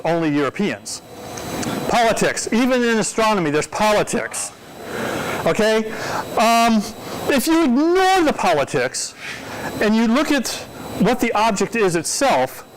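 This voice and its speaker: A man's voice: sits high, slight background noise, poor audio. A man giving a public astronomy talk to an audience in a conversational, digressive way, often checking in with questions to the room. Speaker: astronomy speaker.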